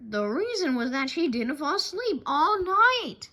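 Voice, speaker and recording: A woman reading a children's storybook aloud, animated and expressive, with a few small slips. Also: high-pitched, a little slow, hardly any pauses, rough recording. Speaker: narrator.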